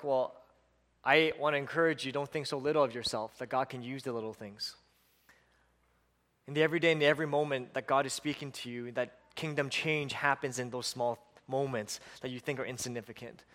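A man's voice: a little high, fairly bright tone. Preaching man in a reverberant hall. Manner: emphatic, repetitive lists, chuckles. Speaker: pastor. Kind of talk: sermon.

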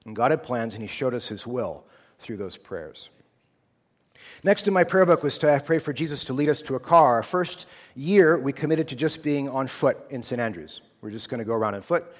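In a long hall reverb, a man in his thirties from the United States speaks at a normal pace in a mid-range voice. He is a theology student sharing a personal testimony, telling it earnestly in a casual storytelling style.

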